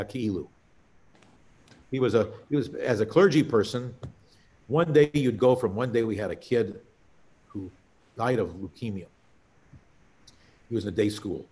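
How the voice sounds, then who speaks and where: An older man, a cantor, telling stories in conversation, halting and restarting as he reminisces. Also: fairly low pitch, darkish tone. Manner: anecdotal, halting storyteller with many restarts.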